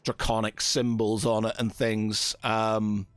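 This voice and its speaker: Brief: slow, halting male game master, middle pitch, dry close sound. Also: flat delivery, clean tone, dry recording, faint music behind. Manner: hesitant, many fillers, slow. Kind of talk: narrating a tabletop game.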